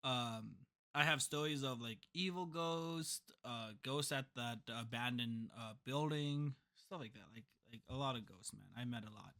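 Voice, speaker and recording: Young male co-host, bright and easygoing, drawls through stories with fillers. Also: medium pitch, normal speed, few pauses. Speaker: podcast co-host. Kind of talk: casual chat.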